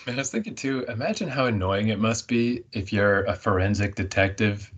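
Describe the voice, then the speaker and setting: A Canadian man with a fairly low voice, talking as a guest on a casual podcast. He chats freely and keeps laughing at himself as he goes. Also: lively intonation, a little fast, lo-fi sound. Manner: laughing, self-mocking. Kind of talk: casual chat.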